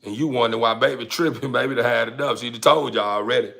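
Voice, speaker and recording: A man's voice: mid-range voice, steady tone, fast talker, vocal fry, pushed and bright. A man hosting a livestream, ranting casually with profanity, stumbles and repeated words. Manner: repetitive, stumbling, profane, laughing. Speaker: livestream host.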